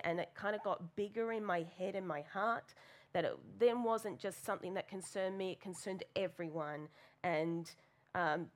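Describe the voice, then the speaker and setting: A woman preaching a sermon in church, telling a candid, self-deprecating personal story with plenty of fillers. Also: medium pitch.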